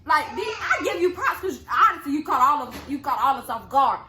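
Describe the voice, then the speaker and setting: A young woman telling a story in casual chat, animated, acting out quotes in a high yelling voice. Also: a little fast. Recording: echoey room with clear background noise.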